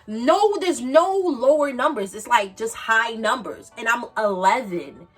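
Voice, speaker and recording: Higher-voiced New woman telling a story. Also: moderate pace, fairly bright tone, recorded from a distance, soft background music. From the Bronx, New York. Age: 20s. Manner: emphatic, repetitive storytelling with slangy asides. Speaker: vlogger. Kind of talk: casual storytime.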